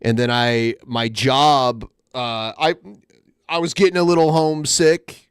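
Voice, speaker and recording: A man hosting a podcast, chatting casually in a rambling, halting way with many restarts. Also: medium pitch, smooth, no room sound, studio quality. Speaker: podcast host. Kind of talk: casual chat.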